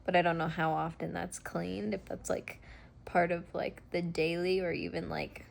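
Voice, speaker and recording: A woman's voice: lowish voice, level tone, moderate pace, gravelly. A woman chatting in a casual vlog from a hotel room, rambling with lots of fillers and swearing freely. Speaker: vlogger.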